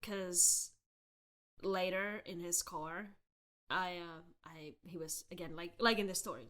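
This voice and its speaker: A young woman in her twenties, a podcast host, telling a personal story in a candid, animated way, with frequent laughter and fillers like "like" and "um". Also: fairly low pitch. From Southern California. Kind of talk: casual storytelling rant.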